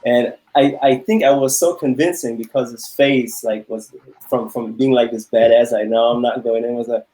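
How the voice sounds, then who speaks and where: A man tells a story among friends. His voice is mellow and dark. He halts often, repeats words and laughs between lines. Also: mid-range voice, fairly even intonation, normal speed, low-quality recording. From Germany. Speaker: panel guest. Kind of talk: casual storytelling chat.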